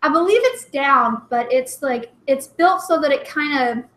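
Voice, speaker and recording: Brief: high, bright young woman, giggly rambling chat host, echoey room. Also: animated, a little slow. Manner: giggly, rambling, full of "like" fillers. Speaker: livestream co-host. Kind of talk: casual chat. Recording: roomy echo.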